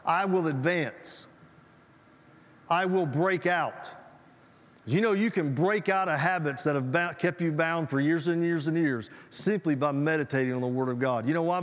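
Folksy preacher in a reverberant hall. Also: male voice, on the high side. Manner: folksy, conversational preaching with audience call-outs. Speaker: pastor. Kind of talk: sermon.

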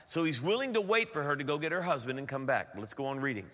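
A man preaching a sermon as pastor, animated with playful asides. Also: mid-range voice, quick pace. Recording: long hall reverb.

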